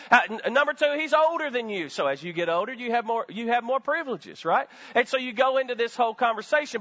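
A man's voice: very high voice, bright, forceful tone, dull audio. A middle-aged man preaching a sermon as pastor, full of rhetorical questions and calls to the congregation.

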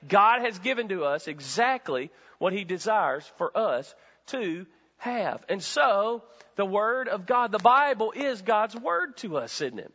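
A man preaches a sermon in a church with a bright, forceful voice that sits a little high. His delivery is animated, climbing to loud bursts and then sinking into hushed, low-voiced stretches. The sound is dull and rings with a long hall reverb. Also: slow pace. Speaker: pastor. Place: church sanctuary.

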